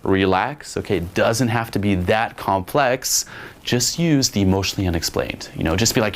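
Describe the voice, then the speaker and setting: A man's voice: fairly low pitch, moderate pace. A man giving dating advice in a blunt, profane instructional monologue, often acting out little quotes. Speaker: dating coach.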